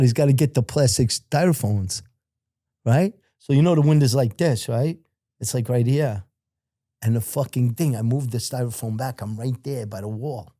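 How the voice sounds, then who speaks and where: Middle-aged male guest, mellow low tone, profane storyteller with a dead, dry sound. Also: dry recording. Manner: profane, acts out other people's shouted lines; rambling, repeats filler phrases. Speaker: podcast guest. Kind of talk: casual storytelling.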